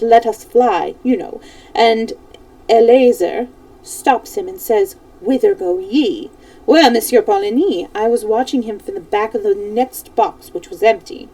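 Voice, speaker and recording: A woman reading a classic novel aloud as a storyteller on a live stream, expressive, stumbling now and then over names. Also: a little high, distant mic, rough recording.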